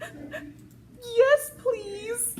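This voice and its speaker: A woman voicing a sly big bad wolf for a children's story, with a high, drawn-out pleading whine. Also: sing-song, a crowd in the background, exaggerated voice. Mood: sobbing.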